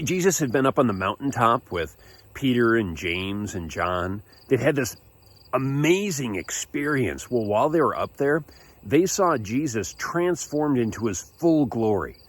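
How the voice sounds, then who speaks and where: A man telling a story for children's church, animated and casual, restarting often and chuckling along. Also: mid-range voice, slightly rough.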